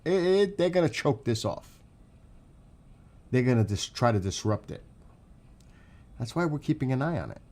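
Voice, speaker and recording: A New York City man with a New York accent hosts a livestream, commenting on flight tracks as he reads chat. He's excitable and rambling, asking questions along the way. His voice is mid-range at normal speed, with frequent pauses.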